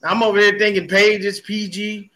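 A man co-hosting a sports podcast, telling animated stories in casual, profane chat. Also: high-pitched, moderate pace, crowd noise. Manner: animated storytelling with heavy cursing. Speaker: podcast co-host.

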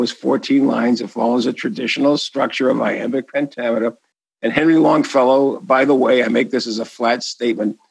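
A man's voice: medium pitch, creaky, husky, no echo, low-quality recording. A man with a Boston accent, an author answering an interview question in a rambling, enthusiastic way full of asides and restarts.

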